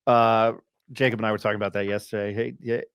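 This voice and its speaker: A man's voice: lowish voice, flat delivery, rapid-fire, smooth, no room sound, clean studio sound. Chatty man hosting a sports podcast. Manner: chatty, self-deprecating, rambling asides. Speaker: podcast host. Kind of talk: casual sports chat.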